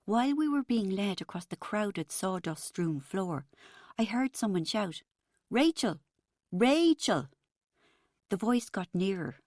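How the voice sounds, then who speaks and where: A woman narrating an audiobook in the first person, with a wry, expressive storytelling manner. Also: medium pitch, a little slow, dry recording, studio quality.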